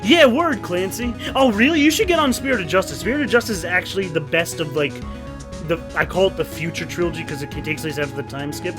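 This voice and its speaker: A man giving casual gameplay commentary as a streamer, excitable and swearing a lot, over game music. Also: sits high, quick pace.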